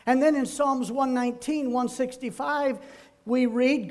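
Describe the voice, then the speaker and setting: A man's voice: extremely high pitch, steady tone, normal speed, a little mellow. An older man, a pastor, giving a folksy sermon full of homespun, rambling anecdotes.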